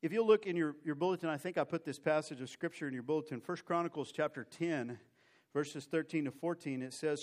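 A man's voice: fairly high pitch, normal speed, a little mellow. A man preaching a sermon in church, folksy and conversational, often repeating words as he goes. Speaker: pastor.

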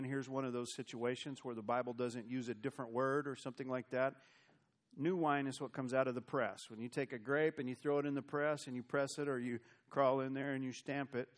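An American man preaching a sermon, telling Bible stories in a folksy, conversational way. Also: mid-range voice. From United States. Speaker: pastor.

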